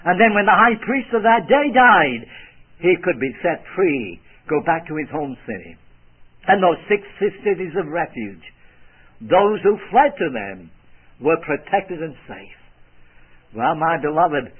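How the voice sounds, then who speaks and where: A man preaching a sermon, emphatic, with his voice rising and dropping sharply for emphasis. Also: sits high. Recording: tinny phone-like radio broadcast.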